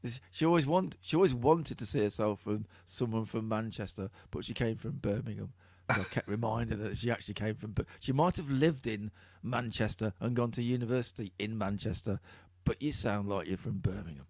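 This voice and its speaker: A man from Middle England, East Midlands accent, hosts a chatty podcast where he laughs often and swears casually. His low-leaning, slightly mellow voice is fairly quick with hardly any pauses, and there's no echo.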